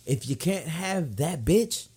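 A young man hosting a casual podcast, telling a story with lots of profanity and dropping into a low, confiding tone. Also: expressive, takes it slowly, mellow, slightly rough. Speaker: podcast host.

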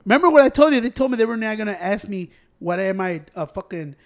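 A man from the United States telling a profane, animated story in casual chat with friends, switching between English and Spanish. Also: high voice, quick pace.

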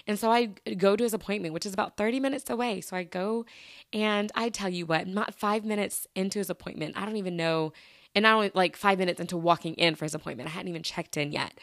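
A woman's voice: medium pitch, quick pace, a bit bright, no room sound. Chatty woman podcast host, dry close sound. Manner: chatty, with many fillers and restarts. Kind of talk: casual storytelling monologue.

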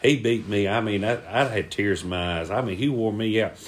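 A man telling a long funny story on a podcast, acting out other people's voices. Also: a little fast. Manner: acts out voices, shouting quoted lines high. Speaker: podcast co-host. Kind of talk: animated storytelling.

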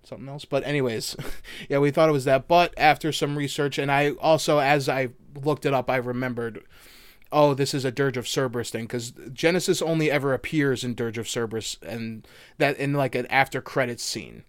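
A man's voice: medium pitch, brisk, smooth, no room sound, studio quality. A man co-hosting a podcast, loose and chatty, swearing casually as he breaks down a video game. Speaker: podcast co-host.

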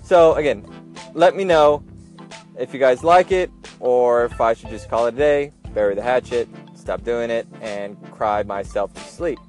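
A man's voice: mid-range voice, measured pace, a little mellow, faint music behind. A man hosting a casual solo podcast, chatting and joking as he repeats his advice with emphasis. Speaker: podcast host, airline gate agent.

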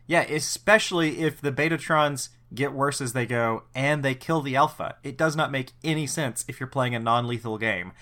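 A man with a bright, forward voice trades casual banter as a podcast co-host. He is wry and sardonic, and he swears freely as he picks apart a show's plot. He speaks at a middle pitch with an easy, offhand manner. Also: moderate pace, few pauses. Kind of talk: casual episode recap chat.

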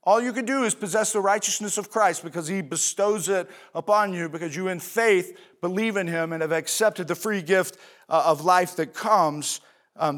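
A man's voice: high voice, a bit bright. A male pastor preaching a sermon in a conversational way, asking rhetorical questions and answering them himself, with fillers and asides.

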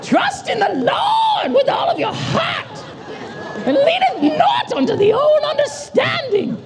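A preacher doing a shouted impression of a rock singer's shrill, strained screech. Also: sing-song, measured pace, a crowd in the background, full character voice. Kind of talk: comic impression within a sermon.

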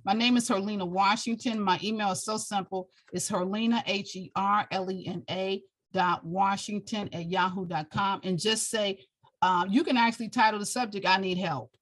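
A woman over forty, a retired military veteran, speaking as an interview guest and giving advice with emphatic repetition. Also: mid-range voice. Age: 40s or older. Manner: emphatic, repeats key points.

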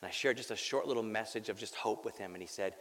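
A man's voice: lowish voice, fast, fairly bright tone. A man preaching a sermon as a pastor. He tells a personal story earnestly and candidly, repeats words as he goes and drops in wry jokes. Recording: long reverb of a large hall.

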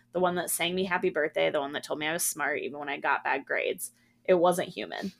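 A woman podcast co-host reading a horror story aloud in a hushed, steady manner. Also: lowish voice, creaky.

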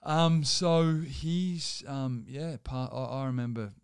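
Young man, smooth and close. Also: medium pitch, takes it slowly, dry recording. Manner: rambling, frequent swearing and "like" fillers. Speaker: guest. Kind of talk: casual storytelling.

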